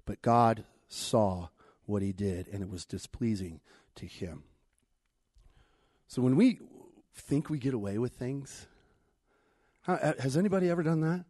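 A man preaching a sermon in a conversational way, swinging between loud emphatic lines and hushed ones as he retells a scripture story. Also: mid-range voice, unhurried, long pauses, dry recording, studio quality.

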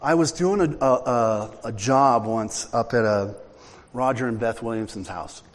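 A man's voice: mid-range voice, measured pace. A middle-aged man giving a sermon, chatting with the congregation in a joking, storytelling way. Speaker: preacher. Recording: hall reverb.

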